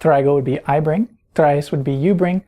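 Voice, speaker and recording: Mellow low-voiced woman teaching. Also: normal speed. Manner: patient, explanatory, asks the listener questions. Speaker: Spanish teacher. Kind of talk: recorded grammar lesson.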